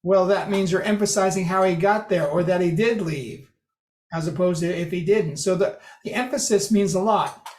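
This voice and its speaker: A presenter talks an online group through a lesson in an easygoing, conversational way, often stopping to restart a sentence. The voice sits at an ordinary middle pitch. It comes through a video call with a noticeably roomy echo. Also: normal speed, darkish tone.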